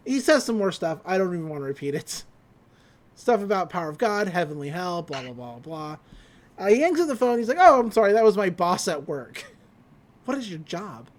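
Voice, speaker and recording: A podcast host giving a casual episode recap, laughing often and swearing freely. The delivery is loose and chatty, in a medium-pitched voice. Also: very animated, normal speed, pauses often.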